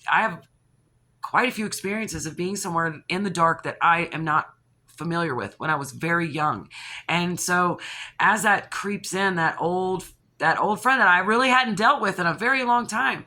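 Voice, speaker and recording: A woman hosting her own channel, telling a personal story in a casual, animated, rambling way, with restarts and gasps. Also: fairly low pitch, moderate pace. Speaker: channel host.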